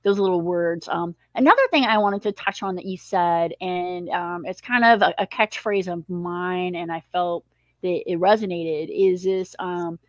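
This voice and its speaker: A woman's voice: lowish voice, measured pace, no echo. Hesitant woman interview host. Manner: warm, many "um"s, long framed questions.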